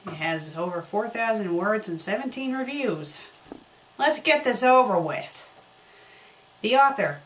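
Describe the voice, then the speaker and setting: Reviewing fanfiction, this woman gives it a comedic dramatic reading, acting out lines with sarcastic exasperation. She speaks in an expressive mid-range voice at an unhurried pace. The recording quality is low.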